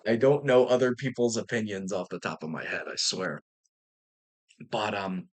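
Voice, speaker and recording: A man's voice: lowish voice, a bit bright, husky. A young man talking casually and enthusiastically about a film, rambling with fillers and restarts and casual swearing. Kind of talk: casual movie review vlog.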